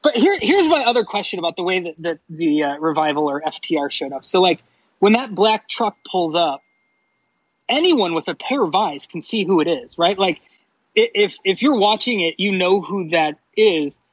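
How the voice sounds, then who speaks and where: A man co-hosting a casual wrestling podcast, talking in a lively way, laughing often and mimicking announcers. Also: sits high, moderate pace, slightly rough, no room sound, dull audio. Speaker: podcast co-host. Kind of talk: casual chat.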